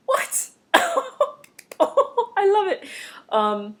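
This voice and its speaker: A woman vlogger giving a casual, expressive recap of a TV episode, chatty and blunt. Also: on the low side, normal speed.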